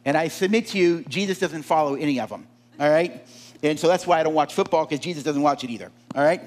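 A man preaching a sermon, animated and often asking the congregation questions. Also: fairly high pitch, quick pace.

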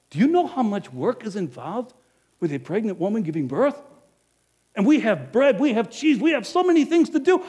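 A man's voice: sits high, breathy edge, heavily acted. A man playing a fretful Bethlehem innkeeper. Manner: chatty, wheedling salesman's patter shifting to hushed confession. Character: harried, penny-pinching male innkeeper of Bethlehem, middle-aged. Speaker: storyteller in character. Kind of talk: first-person dramatic monologue.

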